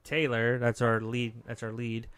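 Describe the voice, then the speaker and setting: A man recapping a horror film on a podcast, talking loosely and swearing often. His voice is forceful and crisp. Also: medium pitch, monotone, a little slow. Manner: profane, loose storytelling with many fillers. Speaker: podcast co-host. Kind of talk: casual horror movie recap.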